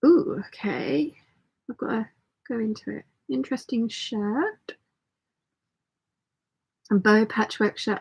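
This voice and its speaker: A woman hosting a casual sewing livestream, chatty and reading viewer comments aloud, her voice slightly croaky. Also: a little high, expressive, slow, long pauses. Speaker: sewing channel host.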